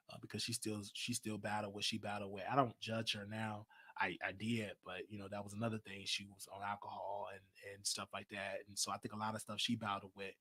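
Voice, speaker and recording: A man's voice: on the low side, a bit bright. A man hosting his own live talk show, speaking candidly about family, with frequent restarts and a Southern US accent. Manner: candid personal venting, many restarts. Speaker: show host. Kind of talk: livestream talk show monologue.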